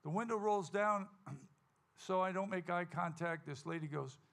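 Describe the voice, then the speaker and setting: A man hosting a live country music show, telling a folksy, animated story to the audience and acting out the quotes. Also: sits high, unhurried, gravelly. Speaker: stage host and singer at a country music show. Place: live music venue stage.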